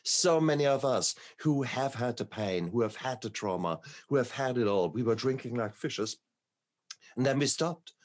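A man's voice: mid-range voice, animated, normal speed. A man hosting an interview, effusive and enthusiastic, with occasional swearing. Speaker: host. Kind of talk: interview conversation.

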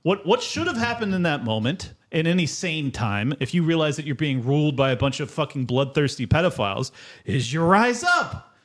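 A man co-hosting a casual podcast, ranting quickly and swearing as he makes his points. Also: a little high, big pitch swings, a bit bright. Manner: fast, profane, ranting. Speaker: podcast co-host.

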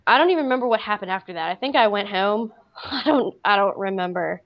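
A woman's voice: medium pitch, lively intonation, fast. A woman casually telling a personal story, rambling with many "like" fillers. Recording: slightly dull lo-fi audio.

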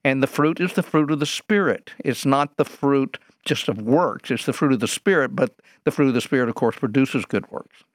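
A man's voice: mid-range voice, moderate pace, no echo, studio quality. A man, a Bible teacher, explaining scripture in an interview, posing rhetorical questions and answering them.

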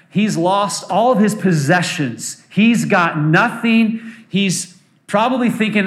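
A fairly high-voiced man preaches to his congregation, acting out his characters' words as he goes. The sound rings around an echoey church hall. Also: animated, unhurried. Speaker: pastor. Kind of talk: sermon.

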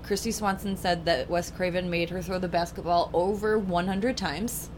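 A woman co-hosting a podcast rambles through a plot summary in casual chat, filling it with lots of "like" and "um." Her voice is lowish with fairly even intonation and a moderate pace, and there's a little hiss or hum in the recording.

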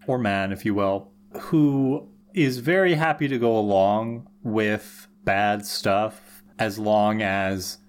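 A man co-hosting a podcast, casually analysing characters and thinking aloud with restarts. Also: mid-range voice. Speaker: podcast co-host.

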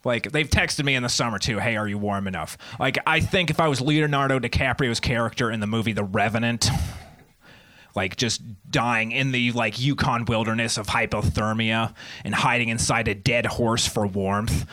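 Bright, rambling young male comedian. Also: medium pitch, fairly even intonation, moderate pace. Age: 20s. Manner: rambling, self-deprecating asides. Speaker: stand-up comedian. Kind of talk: stand-up comedy set.

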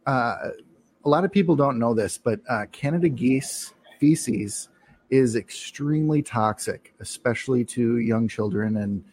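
A man's voice: mid-range voice, unhurried, darkish tone. A man co-hosting a casual podcast chat, rambling along with many ums and restarts. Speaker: podcast co-host.

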